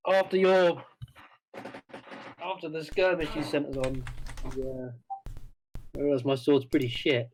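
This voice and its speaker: Eager player, man, fairly high voice, light background hiss. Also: flat delivery, measured pace, long pauses, poor audio. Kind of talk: casual game chat.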